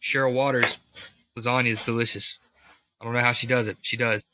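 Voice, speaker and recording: A man's voice: mid-range voice, little pitch movement, brisk, pushed and bright. A young man co-hosting a podcast, chatting casually and enthusiastically with plenty of fillers. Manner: enthusiastic, playful, lots of fillers. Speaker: podcast co-host. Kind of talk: casual chat.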